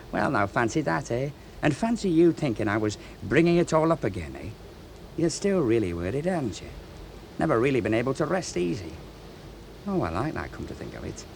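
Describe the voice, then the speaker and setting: Mocking bully of a sailor, voice swings up and down a lot, old radio play. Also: male voice, medium pitch, very animated, moderate pace, gravelly, slight background noise, rough recording. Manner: mocking and threatening. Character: blustering menacing male able seaman. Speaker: ship's crewman. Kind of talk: 1970s radio drama acting.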